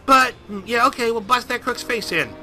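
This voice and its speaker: A bored, sassy little girl who whines and bargains in a high, piping voice, as a man puts her on for a game playthrough. Her tone is bright and her manner is cheeky. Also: normal speed, soft background music, exaggerated voice. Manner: whiny, sassy.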